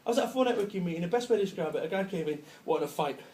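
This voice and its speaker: A man with a Manchester accent gives a brash, joking motivational business talk at a live event. His voice sits high for a man, and he laughs and swears along the way. A faint noise runs under the recording. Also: animated, racing, warm tone. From Salford, England. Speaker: business speaker.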